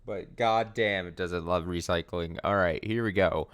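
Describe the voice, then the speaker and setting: A man's voice: low voice, measured pace, hardly any pauses. A young man streaming a video game, giving casual, sarcastic commentary with swearing. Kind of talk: let's play commentary. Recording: game music behind.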